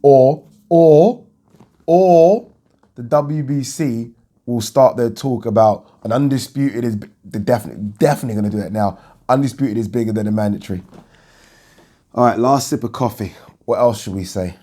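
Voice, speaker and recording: A man's voice: mid-range voice, a little fast, dark tone. A young man giving a rambling, casual reaction to a boxing fight as a vlogger, thinking aloud and restarting his sentences.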